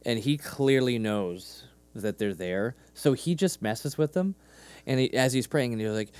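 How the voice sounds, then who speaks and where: A man's voice: mid-range voice, unhurried, no room sound. A man in his thirties co-hosting a podcast, recapping scenes in casual chat and acting out the characters' lines. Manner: animated, acts out quoted lines. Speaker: podcast co-host.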